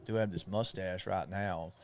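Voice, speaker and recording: A man's voice: deep voice, steady tone, normal speed, noisy background. Man rambling through live game commentary. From Florida. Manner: rambling, reads viewer chat, play-by-play asides. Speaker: sports talk host. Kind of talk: casual live watch-party commentary.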